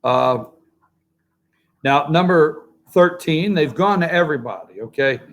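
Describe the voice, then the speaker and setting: A man's voice: a little high, measured pace, fairly bright tone. A middle-aged man hosting a political morning talk show, rambling and sarcastic as he talks straight to viewers. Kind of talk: opinionated morning show commentary.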